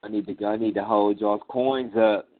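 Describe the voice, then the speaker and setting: A man's voice: fairly low pitch, fairly even intonation, moderate pace. A man speaking in a blunt, profane, emphatic way in casual chat. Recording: phone-like line.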